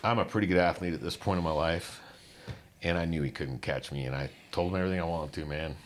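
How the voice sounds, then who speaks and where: A man telling his own life story candidly, acting out what others said and dropping low and quiet on the painful parts. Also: quick pace. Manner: candid, acts out quoted voices, drops low on painful parts. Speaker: guest. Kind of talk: personal storytelling.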